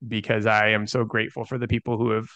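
A man's voice: lowish voice, completely flat delivery, fast talker, a bit bright, no room sound, highs cut off. A young adult man, an interview guest, telling a story earnestly with lots of "like" fillers. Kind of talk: conversational storytelling.

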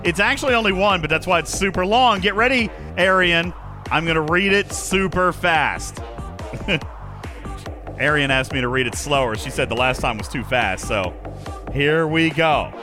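A man's voice: fairly high pitch, unhurried, over music. A man hosting a casual live stream, reading chat aloud and reacting with exasperation. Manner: animated, exasperated, reads chat comments aloud. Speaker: livestream host.

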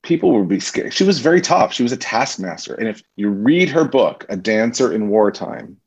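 A man guest on a podcast, telling stories from his acting career in a lively, casual way and acting out the people he quotes. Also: mid-range voice, normal speed. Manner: animated storyteller, acts out quoted voices. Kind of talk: casual storytelling interview. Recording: muffled lo-fi recording.

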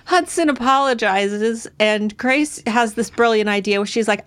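A woman's voice: fairly high pitch, moderate pace, few pauses, clear, resonant tone. A woman co-hosting a book podcast who recaps the chapters in a chatty, rambling, amused way. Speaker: podcast co-host.

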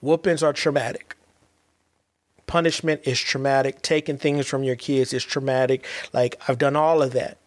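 A man's voice: medium pitch, steady tone, moderate pace. A man and father giving a heartfelt monologue, earnest and emphatic, often repeating and restarting his words.

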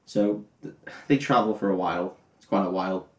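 A man's voice: deep voice, a little fast, far from the mic. A tipsy man with a crude, giggly manner, casually retelling a film plot as a podcast co-host. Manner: crude, giggly, swaps into silly character voices. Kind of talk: casual comedic film recap. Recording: echoey room.

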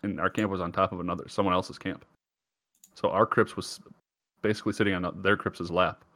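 A hoarse man with a sore throat, his low voice recorded close and dry. He jokes and laughs through casual chat as a podcast co-host. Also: fairly even intonation, brisk, bright, forceful tone, no room sound. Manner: laughing, joking.

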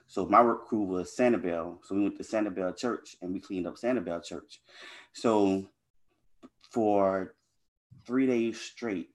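Guest, man, low-pitched, casual and earnest storyteller. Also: unhurried. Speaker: interview guest. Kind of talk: personal testimony in conversation.

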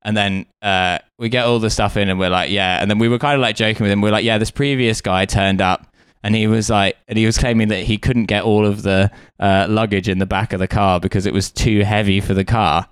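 A young man co-hosting a podcast, telling an animated story with plenty of swearing and acted-out dialogue. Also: fairly low pitch, a little fast, clean tone, no room sound, clean studio sound. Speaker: podcast co-host. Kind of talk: casual chat, storytelling.

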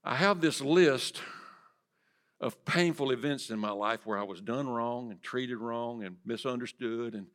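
A man preaching a sermon in church, swinging from loud to hushed and asking the congregation direct questions. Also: mid-range voice, unhurried. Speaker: pastor. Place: church sanctuary.

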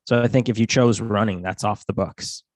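A man's voice: lowish voice, fairly even intonation, moderate pace, no room sound. A man co-hosting a podcast, talking in a casual, rambling way with many restarts. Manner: rambling, with restarts and self-corrections. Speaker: podcast co-host. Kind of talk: casual chat.

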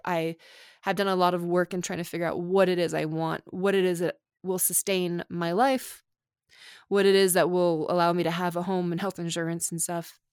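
A woman's voice: fairly low pitch, clear, resonant tone, no room sound, studio quality. A woman in her thirties in a candid, casual conversation, venting her frustration with many fillers. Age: 30s.

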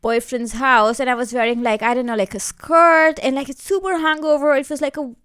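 A young woman from India, a comedian telling lively anecdotes in casual chat. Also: high voice, brisk, clean tone. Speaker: comedian, guest.

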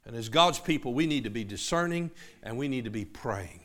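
A middle-aged male pastor preaching a sermon, emphatic, moving between loud urgency and hushed lines. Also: mid-range voice, animated, a little fast.

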